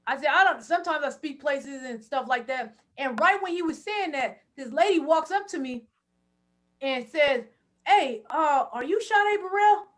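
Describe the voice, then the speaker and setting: A woman in her thirties, a podcast guest, telling stories in a loud, animated way with quick laughing asides. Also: high-pitched. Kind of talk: animated storytelling.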